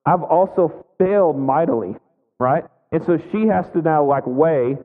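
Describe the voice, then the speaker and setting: A man in his thirties preaches to his congregation in a loose, chatty way, tossing in "right?" to keep listeners with him. His voice sits a little high for a man. The sound is thin and phone-like, with a long echo trailing off through a big hall. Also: normal speed. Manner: conversational, frequent "right?" asides. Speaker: pastor. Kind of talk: sermon with personal story.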